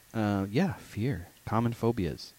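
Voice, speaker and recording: A man's voice: medium pitch, gravelly, darkish tone, husky. A man co-hosting a podcast in casual chat, dry and sarcastic in his asides. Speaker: podcast co-host.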